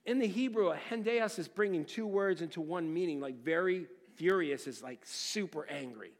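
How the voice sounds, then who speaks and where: A man preaching an expository sermon, dramatic and questioning, swinging between loud exclamations and near-hushed phrases. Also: fairly high pitch, lively intonation, normal speed, big-room sound. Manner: asks the listeners rhetorical questions. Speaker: pastor.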